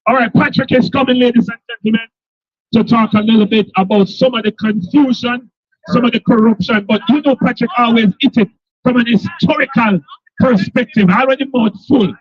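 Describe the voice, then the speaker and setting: Jamaican man, protest livestream host, high voice, dull lo-fi sound, rallying and repetitive. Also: fairly quick, slightly rough, dry recording. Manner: rallying, repetitive, hypes the crowd. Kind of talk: live street announcing. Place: outdoors at a crowded street protest.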